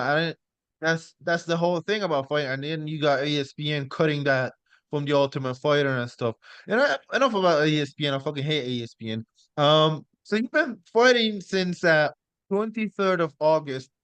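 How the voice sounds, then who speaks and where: A young man hosts a podcast in a high voice, excitable and blunt, swearing freely. He talks fast and loose. The recording is dry and close to the mic. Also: smooth, dry recording. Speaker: podcast host. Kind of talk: casual podcast interview.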